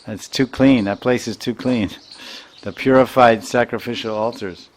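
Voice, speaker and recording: A man's voice: mid-range voice, fairly even intonation, moderate pace. A man giving a scripture lecture, reciting Sanskrit verses and explaining them line by line, with an occasional chuckle. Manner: chuckles while teaching. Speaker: spiritual teacher.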